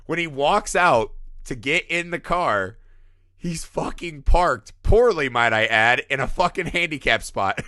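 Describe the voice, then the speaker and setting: A man's voice: a little high, unhurried, dry recording, clean studio sound. A man co-hosting a film podcast, talking casually and profanely and acting out characters. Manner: profane, animated, acts out impressions. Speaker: podcast co-host.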